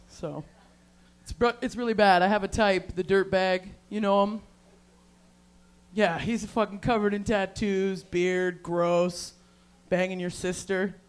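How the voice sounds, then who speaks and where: A woman doing a live stand-up set on a bar stage, with brash, crude, loud confessional jokes on a handheld mic. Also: mid-range voice, clear, resonant tone. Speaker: stand-up comic.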